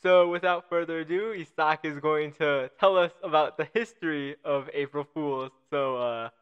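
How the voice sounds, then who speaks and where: A man hosting a casual podcast, laid-back and quick to laugh. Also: fairly high pitch, clean tone. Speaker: podcast host. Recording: slightly dull lo-fi mic.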